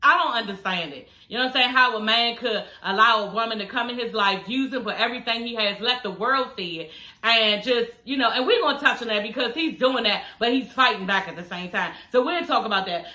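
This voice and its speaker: A young woman dishes on a reality show episode with sass and plenty of swearing, laughing between her points. Her voice sits high and bright. The sound carries a roomy echo. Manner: gossipy, sassy, swears freely, laughs often. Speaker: reality TV reviewer. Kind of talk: casual recap commentary. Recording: echoey room.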